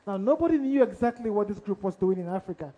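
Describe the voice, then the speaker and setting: Male journalist storyteller, high voice with a dark, mellow tone, dramatic delivery with direct questions to the crowd. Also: expressive, fast, highs cut off. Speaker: investigative journalist. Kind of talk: storytelling talk on stage. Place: live event stage before an audience.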